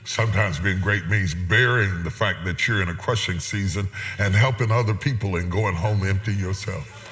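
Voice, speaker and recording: A middle-aged man preaching a sermon as a guest bishop, swinging from loud, emphatic preaching to hushed, intimate asides, with an amen responder. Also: sits low, normal speed, music in the background. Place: large church auditorium. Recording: long reverb of a large hall.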